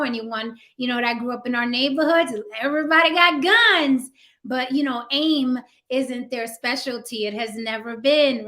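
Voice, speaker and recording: A woman's voice: fairly high pitch, sharp tone. Chatty woman hosting a live show. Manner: chatty, frequent ums and "right?" asides. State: slightly losing her voice. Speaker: host. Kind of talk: casual live-stream talk.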